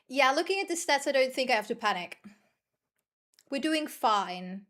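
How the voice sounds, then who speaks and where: A woman's voice: high voice, expressive, unhurried, a bit bright. A young woman from the Netherlands, chatting and swearing casually to viewers while commentating her gameplay. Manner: chatty, swears freely, self-deprecating, rambles to viewers. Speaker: streamer.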